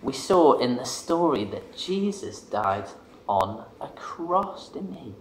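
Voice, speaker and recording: A man in a relaxed, chatty way talks children through a craft, joking about himself. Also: medium pitch, slow, roomy sound, a little hiss or hum. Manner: relaxed, chatty, self-deprecating. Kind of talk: casual craft demonstration.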